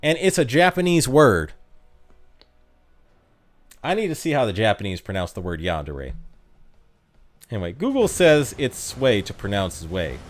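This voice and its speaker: A man's voice: on the low side, very animated, a little slow, pauses often, faint music behind. A young man streaming a mobile game, chatting casually with his chat and laughing at himself. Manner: chatty, self-mocking, laughs often.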